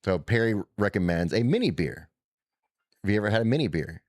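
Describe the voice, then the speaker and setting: A man telling a rambling, animated, profane trip story in casual chat. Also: on the low side, brisk, no room sound, studio quality.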